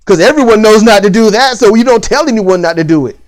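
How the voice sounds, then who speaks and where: A vlogger ranting bluntly about parenting and school in a casual, repetitive way, with lively rises in pitch. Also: quick pace. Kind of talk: opinion rant to camera.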